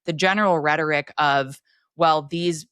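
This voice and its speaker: A woman's voice: sits low, steady tone, normal speed, a bit bright, smooth, dry recording, studio quality. A woman co-hosting a political podcast, talking in an opinionated, emphatic, casual way. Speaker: podcast co-host.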